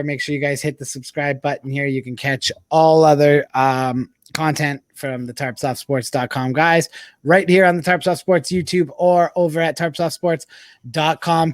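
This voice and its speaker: A man hosting a casual sports chat with friends, loud and profane, joking his way through the banter and reading an ad spot. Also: fairly high pitch, no echo, studio quality. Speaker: podcast host.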